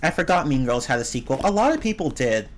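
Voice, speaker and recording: Opinionated streamer chatting loosely with viewers, lively, swooping delivery. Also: quick pace. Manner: rambling and opinionated, with swings in pitch; reads and answers the chat. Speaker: game streamer. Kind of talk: casual live-stream chat.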